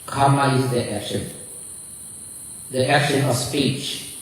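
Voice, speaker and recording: A man who is a Buddhist monk, giving a dharma talk and answering questions in a halting way, often repeating words as he searches for them. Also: mid-range voice, steady tone. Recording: very echoey room, distant mic.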